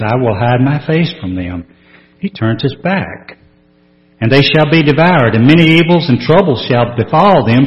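A man preaching a sermon, reading scripture aloud with earnest, emphatic rises. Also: mid-range voice. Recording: dull lo-fi sermon recording.

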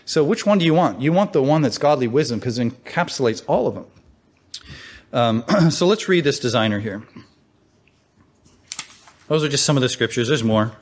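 A man's voice: mid-range voice, expressive, normal speed, pauses often. A man teaching from the Bible in a conversational way, asking rhetorical questions and reading scripture aloud.

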